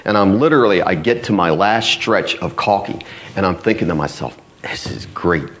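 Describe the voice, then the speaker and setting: A man preaching a sermon, telling the story in a lively way and acting out what people said. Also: deep voice, a little fast. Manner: animated storytelling, acts out voices. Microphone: church recording.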